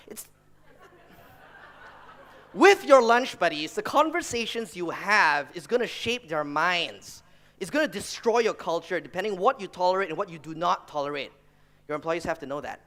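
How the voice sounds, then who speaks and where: A man's voice: high-pitched, fairly quick. A man giving a motivational talk to company founders, telling stories animatedly and acting out the people in them. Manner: animated storyteller, acts out voices, laughs often. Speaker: speaker addressing founders.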